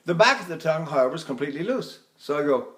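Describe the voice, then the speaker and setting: A man's voice: expressive, very fast, fairly bright tone. A man, an older voice teacher, giving a lecture on vocal technique and stopping to sing short demonstration phrases and syllables. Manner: breaks into sung and falsetto-high demonstration phrases.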